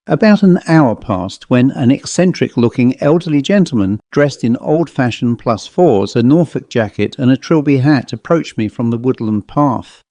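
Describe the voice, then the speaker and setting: An English man narrates a first-person ghost story, measured and descriptive. His voice is mellow and warm at a middling pitch. The recording is dry and close, like a home audiobook. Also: no room sound. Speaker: author reading his own story.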